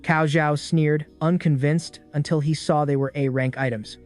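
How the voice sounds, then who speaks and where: A man narrating a story recap in a brisk, dramatic scripted style. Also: a little high, steady tone. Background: faint background music.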